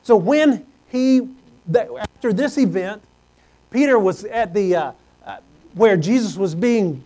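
High-voiced man preaching a sermon. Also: animated, unhurried, rough recording. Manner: earnest, swings from loud exclamations to hushed low tones.

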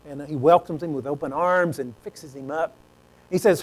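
A man's voice: fairly high pitch, normal speed, breathy edge, poor audio. A man preaching a sermon in a folksy, conversational storytelling way.

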